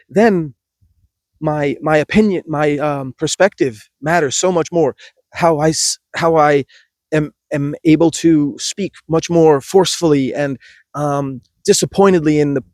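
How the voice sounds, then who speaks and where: Passionate man with a higher voice. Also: a little mellow, no room sound, studio quality. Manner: passionate, emphatic, with frequent restarts. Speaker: yoga teacher. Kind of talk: podcast monologue.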